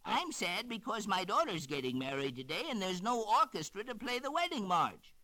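A man's voice: high-pitched, big pitch swings, moderate pace, pushed and bright, voice pushed up, heavily acted. A man voicing a worried, fretful male turtle father in a storybook reading, anxious and pleading. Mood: sad.

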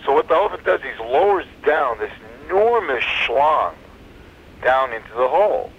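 Brief: a gravelly-voiced man telling a rambling joke on a community radio show, slightly muffled. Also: medium pitch, big pitch swings, normal speed, slight background noise. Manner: rambling with restarts and fillers.

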